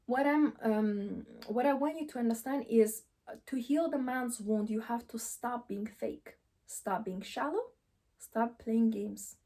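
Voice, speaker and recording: A woman's voice: on the high side, measured pace, dark tone. A woman relationship coach giving direct advice to camera, emphatic, repeating key phrases and asking rhetorical questions. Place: seated on camera.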